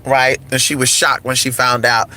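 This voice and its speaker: A woman's voice: very deep voice, flat delivery, normal speed, bright, forceful tone. A woman hosting a casual spiritual talk, sassy and campy, dropping "honey" and "girl" between sentences. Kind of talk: casual spiritual talk with singing along to music. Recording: faint music behind.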